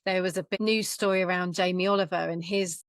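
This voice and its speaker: Soft-spoken woman podcast host. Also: lowish voice, steady tone, no room sound. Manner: conversational, halting, searching for words. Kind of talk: casual interview chat.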